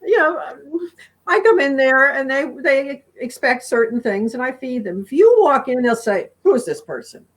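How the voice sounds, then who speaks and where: A middle-aged woman answering interview questions in a rambling, warm way, often acting out her animals' voices. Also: high-pitched, animated, a little slow, rough recording. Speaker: guest speaker.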